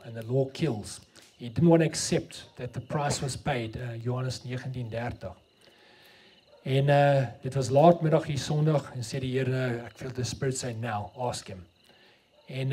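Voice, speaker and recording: A man's voice: medium pitch, dark tone, breathy edge. A middle-aged South African man with an Afrikaans accent, preaching a sermon and telling a story, mixing English and Afrikaans.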